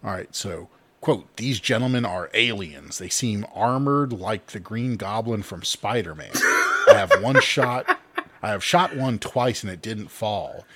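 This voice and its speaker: A man's voice: on the low side, animated, measured pace, few pauses, background noise. A man co-hosting a casual podcast, reading news quotes aloud and laughing at his own slips. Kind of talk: casual chat.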